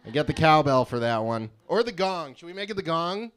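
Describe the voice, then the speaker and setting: Deadpan stand-up comedian, rambling. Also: male voice, fairly high pitch, a little fast, few pauses. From California. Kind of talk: live stand-up set. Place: small live venue with audience.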